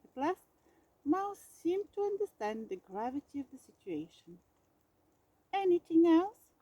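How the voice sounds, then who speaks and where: A woman reading a children's storybook aloud with gentle, expressive narration. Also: high-pitched, moderate pace, no room sound, highs cut off.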